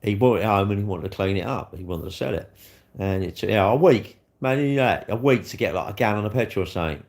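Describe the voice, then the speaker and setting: A middle-aged man, chatting on a live stream in a loose, rambling way. His voice sits fairly low, and he swears freely as he answers viewers. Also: lively intonation, fast talker, vocal fry, a little mellow. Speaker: livestreamer. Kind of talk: casual live-stream chat.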